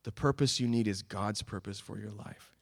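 A man preaching a sermon, earnest, swinging from emphatic calls to quiet, sober remarks. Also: on the low side, moderate pace, breathy edge. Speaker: pastor.

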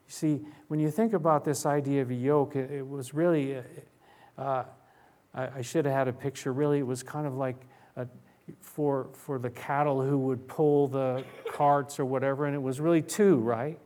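A man preaching a sermon as a pastor, repeating words and restarting, swinging between loud emphasis and hushed, near-whispered lines. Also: medium pitch, steady tone, moderate pace.

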